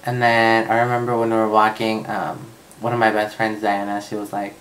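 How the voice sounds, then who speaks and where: A man's voice: on the low side, completely flat delivery, normal speed, few pauses, a bit bright, a little hiss or hum, poor audio. A young man vlogging, telling a personal story in a casual, chatty way with lots of fillers and swearing.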